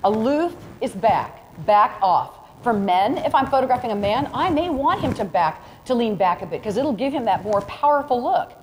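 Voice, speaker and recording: A woman's voice: fairly high pitch, lively intonation, normal speed, few pauses, darkish tone. A woman teaching a photography workshop to a live audience, chatty and direct, walking students through demonstrations. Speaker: photography instructor. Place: large room with a live audience. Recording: reverberant hall, faint ambient noise.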